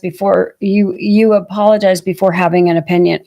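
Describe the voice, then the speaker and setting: A woman co-hosting a podcast in relaxed casual chat, talking through a list of prompts. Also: lowish voice, brisk, creaky. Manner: relaxed, talks through lists of prompts, uses fillers like "you know". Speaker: podcast co-host.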